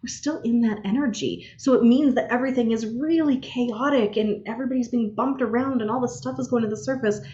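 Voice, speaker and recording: A woman giving a spiritual guide's casual energy update, telling personal stories in an animated way. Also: a little high, a little fast, hardly any pauses, dull audio, a little hiss or hum. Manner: animated storyteller, acts out her own quotes.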